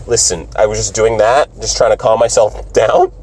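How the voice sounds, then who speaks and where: Profane, animated man talking while driving. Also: lowish voice, normal speed, a little hiss or hum. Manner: profane, animated storytelling, acts out other voices. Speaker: stand-up comedian vlogger. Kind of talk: casual driving vlog storytelling.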